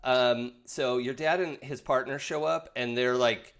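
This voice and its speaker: A man running a tabletop role-playing game as game master, often pausing on fillers. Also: mid-range voice, fairly even intonation, fairly bright tone, smooth. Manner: halting, with many fillers and laughs.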